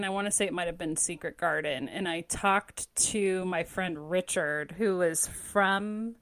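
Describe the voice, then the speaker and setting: Woman co-host, casual chat, rambling, self-deprecating, mid pitch. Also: fairly bright tone, dry recording. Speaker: podcast co-host.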